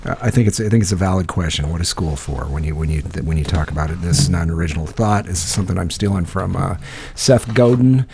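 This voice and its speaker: A low-voiced man in his forties rambles in casual podcast chat, full of restarts and fillers. His voice is gravelly, with faint noise behind it. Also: fast talker. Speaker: podcast co-host.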